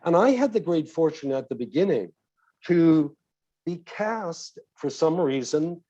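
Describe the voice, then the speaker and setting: An older man, an audiobook narrator and actor, giving a reflective convention talk in an expressive way, often saying "of course" and stretching words for emphasis. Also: fairly high pitch, a little slow. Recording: dull lo-fi audio.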